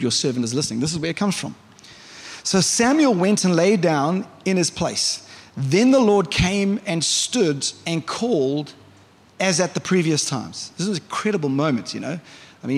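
A male pastor preaching a conversational sermon in church, often asking the congregation questions. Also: on the high side. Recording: reverberant church hall.

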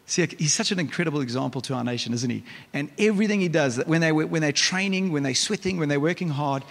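Man, pastor, gravelly voice, slightly high, conversational sermon, echoing church hall. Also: fast. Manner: energetic, conversational, frequent restarts.

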